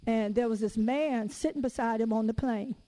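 A woman preaching a sermon, telling personal stories in a lively, conversational and casual way. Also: fairly high pitch, normal speed, rough recording. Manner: casual everyday phrasing.

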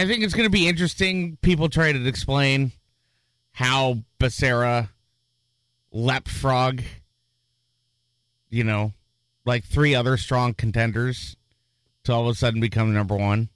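A man's voice: medium pitch, steady tone, moderate pace, pauses often, a bit bright, clean tone, no room sound. A man co-hosting a casual chat, joking around and talking with hesitant restarts. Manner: jokey, hesitant, with frequent restarts and sound-effect gags. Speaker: podcast co-host.

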